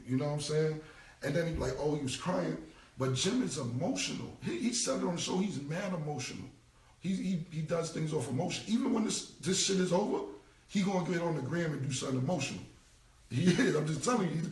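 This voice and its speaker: Blunt New York man, 40s, slightly high gravelly voice, casual street-talk rant. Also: reverberant, distant mic. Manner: blunt, repetitive, streetwise slang with cursing. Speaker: rapper on a live stream. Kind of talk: casual live-stream rant. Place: indoor room, live stream. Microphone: phone mic.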